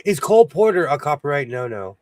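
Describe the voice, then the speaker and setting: A man's voice: a little high, very animated, brisk, darkish tone, no echo. A man hosting a sewing livestream in casual chat, playful, breaking into bits of song and laughter.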